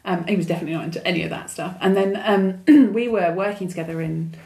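Podcast co-host, woman, middle-aged, lively chatty storyteller. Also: lowish voice, quick pace. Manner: chatty storyteller, acts out quoted dialogue. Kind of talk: casual chat.

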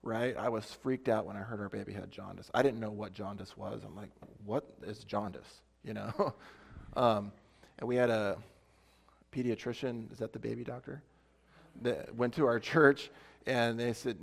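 A pastor preaching a casual, conversational sermon, chatty and thinking out loud with self-deprecating asides. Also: male voice, on the low side, fairly even intonation, moderate pace, creaky.

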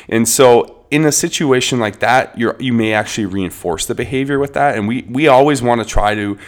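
A man in his thirties, co-hosting a parenting podcast, explains child behavior conversationally and reasons things out aloud. His mid-range voice is brisk, with hardly any pauses.

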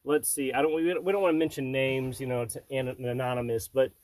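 A man's voice: mid-range voice, fairly even intonation, fast, darkish tone, no room sound. A middle-aged man hosting a casual family podcast with his child, joking and rambling. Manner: joking, rambling, silly asides. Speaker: podcast host and father.

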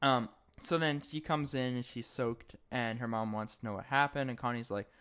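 A man co-hosting a podcast, recapping an episode in a relaxed, easygoing way. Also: mid-range voice, normal speed, few pauses, clean tone. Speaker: podcast co-host.

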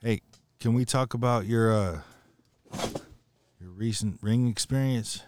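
A man's voice: medium pitch, measured pace, background noise. A man hosting a casual podcast, blunt and teasing with frequent swearing. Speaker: podcast host.

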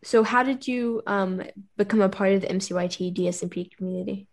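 A woman asks casual interview questions at a middle pitch. She keeps her replies short and encouraging. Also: fairly quick. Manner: brief, encouraging responses.

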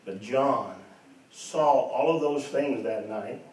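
Earnest preacher in an echoey church. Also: male voice, mid-range voice, slow pace. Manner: rhetorical questions, earnest, emphatic repetition. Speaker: pastor. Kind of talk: sermon. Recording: echoey church, distant mic, faint noise.

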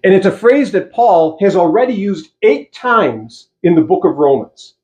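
A man preaching a sermon as pastor, emphatic, slowing down to stress key phrases and putting rhetorical questions to the congregation. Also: sits high, very animated, a little mellow.

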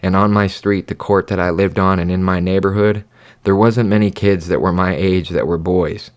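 A man with a very low, deep voice talks through his own story in a loose, rambling way. He swears constantly and speaks bluntly. It sounds like a candid solo podcast monologue. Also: fairly even intonation, normal speed. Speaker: podcast host.

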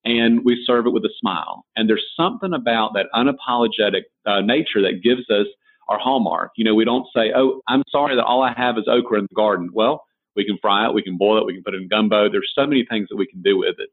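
A man's voice: on the low side, quick pace. A man with a Southern American accent, a designer and author answering interview questions in a folksy, storytelling way. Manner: folksy storyteller, frequent restarts. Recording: tinny phone-like line.

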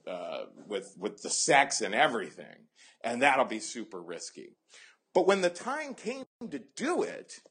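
A middle-aged man from the American Midwest, telling stories from his own life as an interview guest and acting out his own past words. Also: medium pitch. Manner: animated, acts out his own quotes. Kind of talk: conversational storytelling.

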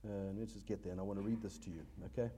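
A man's voice: fairly low pitch, steady tone, rapid-fire, mellow, breathy edge. A man preaching a sermon as pastor, earnest and exhorting, often addressing the congregation as folks.

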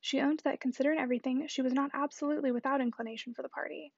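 Woman reading a classic novel aloud, pretty quick, bit husky, lo-fi dull sound. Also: high voice, fairly even intonation, dry recording. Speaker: audiobook reader. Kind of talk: scripted narration of a classic novel.

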